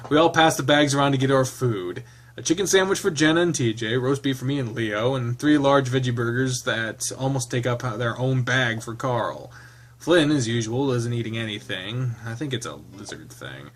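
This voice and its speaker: Male game reader, chatty and laughing, middle pitch. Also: lively intonation, moderate pace. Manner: chatty, laughing, lots of fillers. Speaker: game streamer. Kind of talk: reading a visual novel aloud with casual commentary.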